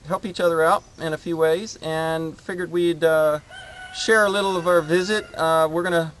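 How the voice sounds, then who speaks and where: A man's voice: on the high side, fairly even intonation, a bit bright, a little hiss or hum. A man hosting his homestead channel, chatting casually outdoors in his garden and rambling with lots of fillers. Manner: rambling, halting with many fillers.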